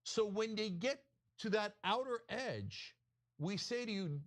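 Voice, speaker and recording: A male political talk host speaks in a high, animated voice that climbs and dips constantly. His delivery is heated and emphatic, full of sarcastic jabs. He sounds like he is arguing his case to an audience. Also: slow pace. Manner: impassioned, emphatic, sarcastic asides.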